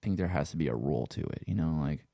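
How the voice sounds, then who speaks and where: A man's voice: very deep voice, expressive, fast talker, creaky, dark tone, dry recording, studio quality. A man from Louisiana with a Cajun accent, talking in a laid-back, rambling way and swearing freely in a casual conversation. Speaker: podcast guest.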